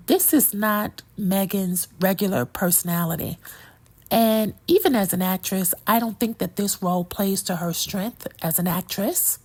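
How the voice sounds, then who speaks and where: A woman's voice: medium pitch, darkish tone. A woman giving an opinionated, sassy movie review in a casual chatty way, talking straight to her viewers. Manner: sassy, opinionated, talks to viewer as "girl" and "child".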